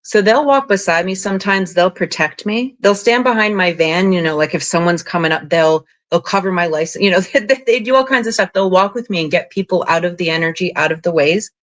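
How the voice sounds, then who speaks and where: A woman guest on an interview podcast, telling long spiritual stories in a rambling, animated way, full of "like" and "you know". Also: lowish voice, fairly quick, few pauses. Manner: rambling, animated, frequent 'like' and 'you know'. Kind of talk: casual interview storytelling.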